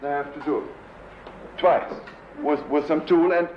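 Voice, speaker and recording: A man with a German accent giving a live lecture as a composer, pausing to search for English words and imitating sounds with his voice. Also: fairly high pitch, fairly even intonation. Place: lecture hall. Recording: roomy dull 1970s lecture recording with faint hiss.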